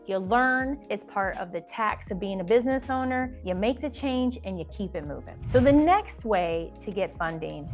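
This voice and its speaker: Emphatic, encouraging woman coach. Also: medium pitch. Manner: emphatic, encouraging, repeats words for stress; addresses viewers casually as y'all. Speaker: business coach and channel host. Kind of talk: direct-to-camera business advice talk.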